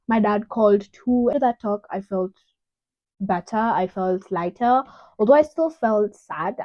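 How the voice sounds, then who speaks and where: A young Kenyan woman vlogger with a medium-pitched voice rambles casually through a personal story, saying "you know" a lot and retelling it with emotion. There's no echo, but the audio quality is poor.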